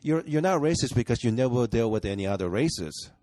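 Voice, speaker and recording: A man talks bluntly and earnestly, swearing freely as a podcast guest. His voice sits at an ordinary middle pitch and sounds close and dry, with no room around it. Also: lively intonation, a little fast, mellow, no echo. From Japan. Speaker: guest comedian. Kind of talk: casual podcast chat.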